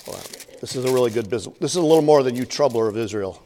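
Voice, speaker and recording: A man's voice: medium pitch, expressive, racing, warm tone, a little hiss or hum. Man preaching in a long echoing hall. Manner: conversational storytelling with frequent fillers and humorous asides. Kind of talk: sermon.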